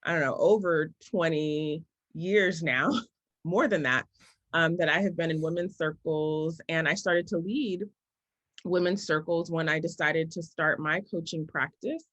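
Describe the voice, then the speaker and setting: A woman in her forties, a business coach, answering interview questions in a thoughtful, story-telling way that often slows down to make a point. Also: sits low, a bit bright, no room sound, muffled recording.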